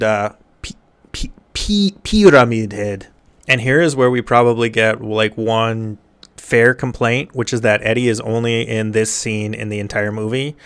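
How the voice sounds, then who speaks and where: A man giving a dry, sarcastic recap of a movie's plot, sometimes dropping into quick mock voices for the characters. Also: medium pitch, clear, resonant tone. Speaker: movie reviewer.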